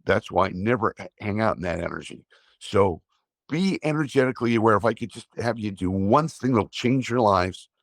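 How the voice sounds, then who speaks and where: A man, an energy healer, calmly guiding a breathing exercise and explaining it in a slow, steady way. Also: on the low side, dry recording, studio quality. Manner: slow, calm guiding with drawn-out pauses. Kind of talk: guided breathing instruction and talk.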